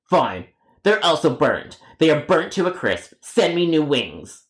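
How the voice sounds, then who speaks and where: A man's voice: fairly high pitch, sing-song, pitched above the performer's own voice. A man doing a stubborn, insulting rude customer. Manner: insulting, stubborn, drawn-out complaints. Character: rude, whiny grown man customer demanding free wings.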